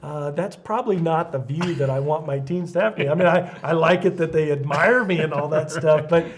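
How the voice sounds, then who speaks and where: Middle-aged youth pastor guy telling stories on a podcast, kinda high voice, laughs a lot. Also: fairly quick, slight background noise. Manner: animated storyteller, laughs often. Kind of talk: casual podcast discussion.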